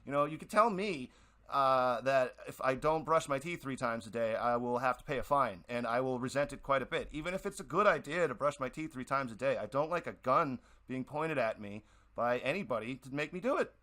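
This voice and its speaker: A man's voice: medium pitch, fairly quick, bright, forceful tone. A man from the Boston area hosting a radio show, talking in a rambling, heated monologue with many restarts. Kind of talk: casual opinion monologue.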